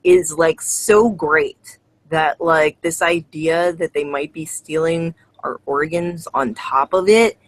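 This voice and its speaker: A man's voice: on the high side, takes it slowly, low-quality recording. A man casually commenting on a video clip, hesitant and full of "like" and "um". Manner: hesitant, lots of "like" and "um".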